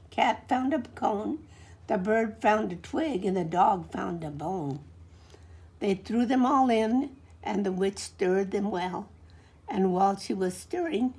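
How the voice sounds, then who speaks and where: A woman in her forties reading a picture book aloud to a child, gently stopping to point things out and ask questions. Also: mid-range voice. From California, USA. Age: 40s.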